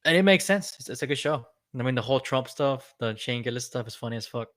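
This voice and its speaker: A man's voice: mid-range voice, lively intonation, fast, a bit bright, dry recording, studio quality. A young man co-hosting a casual political chat, laid-back and agreeable, casually profane and fond of saying "bro.". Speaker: podcast co-host.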